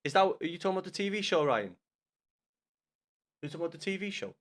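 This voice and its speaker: A man's voice: high-pitched, expressive, fast, fairly bright tone. A man chatting with his live-stream viewers, full of banter and swearing, repeating himself and calling them lad and mate. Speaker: streamer reading chat.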